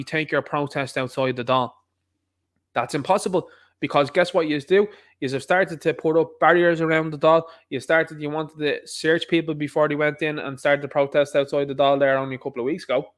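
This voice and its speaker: Emphatic Irish man, fairly high voice. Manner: emphatic, repetitive, rhetorical questions. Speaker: online commentator. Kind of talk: opinionated monologue.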